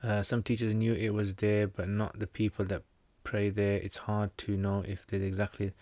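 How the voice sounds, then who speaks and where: A man's voice: on the low side, completely flat delivery, normal speed, a little mellow, dry recording. A British man hosting a casual livestream Q&A. He answers viewers' questions on Islamic practice in a chatty, informal way and reads each question aloud before he answers.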